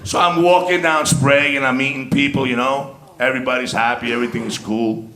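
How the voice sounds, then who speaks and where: A man's voice: medium pitch, steady tone, brisk. A man with a New York accent doing a stand-up set, brash and streetwise, punctuating lines with "man". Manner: brash, streetwise, punchy delivery with frequent "man". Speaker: stand-up comedian. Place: comedy club stage. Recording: echoey club with loud crowd laughter.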